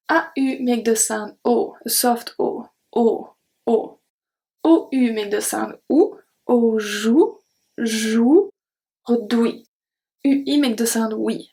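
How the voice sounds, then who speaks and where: A woman, teaching pronunciation and repeating words slowly and carefully. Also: on the high side, darkish tone. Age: 30s. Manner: slow, careful repetition of words. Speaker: French teacher. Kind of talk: pronunciation lesson.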